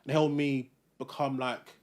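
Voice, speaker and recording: Young male co-host, reflective, meandering, middle pitch. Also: level tone, a little slow, noisy background. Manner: reflective, chatty, with many fillers. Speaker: podcast co-host. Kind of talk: casual chat.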